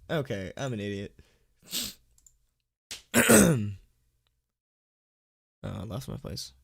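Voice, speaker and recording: A man's voice: lowish voice, lively intonation, slow, creaky, pauses often, no room sound, clean studio sound. A man reading a horror story live on stream, tripping over words, laughing at his own mistakes and chatting with donors. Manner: stumbling, self-mocking, laughing at his own slips; chatty, thanks donors between passages. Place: at home.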